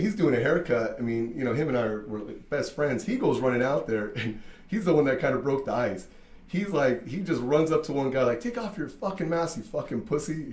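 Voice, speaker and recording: A man who owns a barbershop telling a story in casual chat, animated, full of fillers and swearing. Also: medium pitch, reverberant. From Mexican-American from Southern California. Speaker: barbershop owner.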